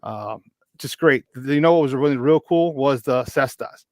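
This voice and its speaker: A man in his fifties, a podcast guest telling a story in a chatty, animated way. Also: medium pitch, normal speed, dry recording. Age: 50s. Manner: chatty, animated, with many restarts. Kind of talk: casual storytelling.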